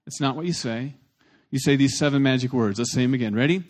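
A pastor preaching a sermon. He is animated and plain-spoken, with blunt humor, and he leads the congregation in repeating phrases. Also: mid-range voice, fast. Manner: animated, swings between loud emphasis and soft asides.

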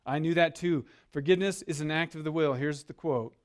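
A man's voice: a little high, fairly quick. A man preaching a sermon as a pastor, earnest and leading his listeners to repeat words with him. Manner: earnest, leads congregation call-and-response.

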